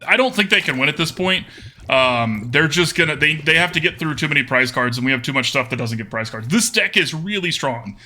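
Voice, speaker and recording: A man's voice: on the high side, lively intonation, fairly quick, bright, forceful tone, soft background music. A young man from Texas giving playful, jokey live-streamed commentary on a card game as a streamer, now and then bursting into cheers.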